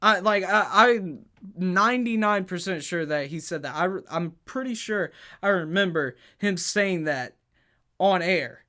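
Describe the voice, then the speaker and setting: A man's voice: sits high, animated, unhurried, bright, forceful tone. A man hosting a sports podcast, arguing heatedly, stammering and restarting, pressing home his points with rhetorical questions. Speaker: podcast host.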